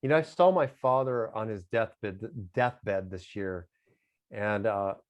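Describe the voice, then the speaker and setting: Halting, reflective middle-aged man. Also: fairly low pitch, lively intonation, highs cut off. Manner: smiles a lot, halting and reflective. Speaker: interview guest. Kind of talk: casual interview talk.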